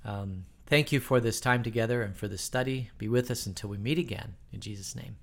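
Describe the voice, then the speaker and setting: A man's voice: lowish voice, fairly quick, vocal fry. A man leading a Bible study who reads scripture, teaches informally with frequent ums, and closes in prayer. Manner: informal, hesitant, many ums.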